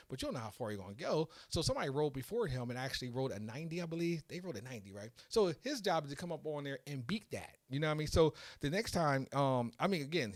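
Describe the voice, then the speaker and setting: A man hosting a casual podcast, telling a story in an excitable, animated way that builds to loud peaks. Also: medium pitch, no room sound. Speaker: podcast host.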